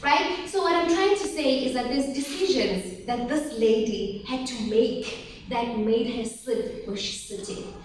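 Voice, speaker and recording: A high-pitched woman gives a lively motivational talk to a group of teens, firing questions at them and pushing them to answer. She is picked up from across a very echoey room, with faint noise underneath. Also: unhurried, recorded from a distance. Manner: animated, asks the audience questions and calls for replies. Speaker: workshop speaker for teen girls.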